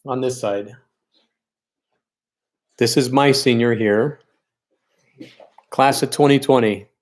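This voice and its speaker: Speaking slowly in a medium-pitched voice, a man teaches a live-streamed painting lesson as the art teacher at a paint night. He chats and encourages as he works, and he's openly sentimental about his students.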